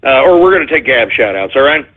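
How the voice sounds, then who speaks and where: A man hosting a live radio show, reading listener shout-outs and ranting at them in exasperation, often yelling at them to shut up. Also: medium pitch, sing-song, fast. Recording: tinny phone-like lo-fi audio.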